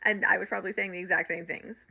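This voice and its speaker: A middle-aged woman, a spiritual reader and coach, casually telling her viewers a story, animated and laughing often. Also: fairly low pitch, fast, gravelly.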